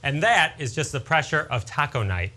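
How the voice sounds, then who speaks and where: A man's voice: fairly high pitch, expressive, normal speed, pushed and bright. A man in his forties doing a stand-up comedy routine with punchy joke delivery.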